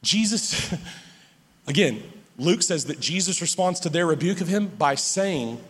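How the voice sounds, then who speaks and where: A man preaching a sermon as pastor, emphatic and animated, often laughing and restarting his sentences. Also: on the high side, a little slow, slightly rough, long reverb tail.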